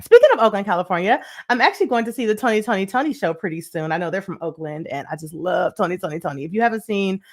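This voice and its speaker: A woman's voice: mid-range voice, animated, quick pace, few pauses. A woman hosting a live money show, chatting with viewers and greeting them by name, with plenty of laughter. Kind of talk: live-stream chat with viewers.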